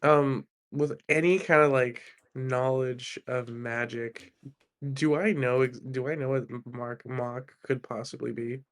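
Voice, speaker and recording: A man's voice: mid-range voice, steady tone, a little slow. A man taking part as a player in a casual tabletop game, talking tentatively and asking questions.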